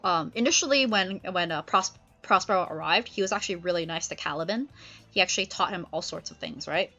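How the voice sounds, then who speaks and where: A woman's voice: fairly low pitch, brisk, pushed and bright. A young adult woman casually explaining a play in a chatty, filler-heavy way on a stream. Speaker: streamer discussing literature. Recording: slightly dull lo-fi stream, faint music.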